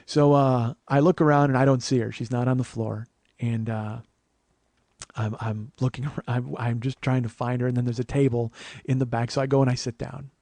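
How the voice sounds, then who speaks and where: A man in his forties telling a long personal story as host, profane, animated and self-mocking. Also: medium pitch, moderate pace, dry recording. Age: 40s. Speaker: podcast host.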